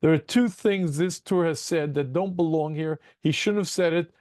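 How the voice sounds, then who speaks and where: A man teaching a Talmud class to students over a video call, asking rhetorical questions and breaking into quick chuckles. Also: a little high, no room sound, studio quality. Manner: animated, rhetorical questions, addresses students as gentlemen; self-deprecating chuckles, quick asides.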